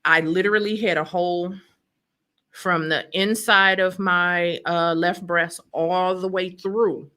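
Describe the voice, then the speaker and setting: This podcast guest is a woman with a lowish, steady voice and a sharp tone who takes it slowly. She relates her personal story emotionally and vividly, re-enacting what people said.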